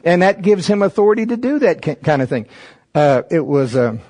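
A man's voice: sits high, sing-song, brisk, darkish tone. A man preaching a sermon, reading from a text and stopping to comment, rising emphatically on key words. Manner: reads a text aloud and stops to comment.

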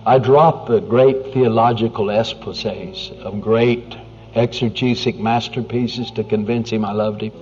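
A man preaching a sermon in an earnest, conversational way, often dropping to a hushed near-whisper. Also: on the low side, steady tone, unhurried, slight background noise. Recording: dull lo-fi recording with faint music.

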